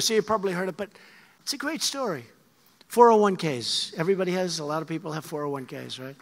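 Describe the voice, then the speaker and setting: A man's voice: a little high, expressive, fast. A man in his seventies giving a rambling, emphatic speech to a crowd, repeating his phrases. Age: 70s. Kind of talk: rally speech. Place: large hall with an audience. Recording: long hall reverb with faint crowd.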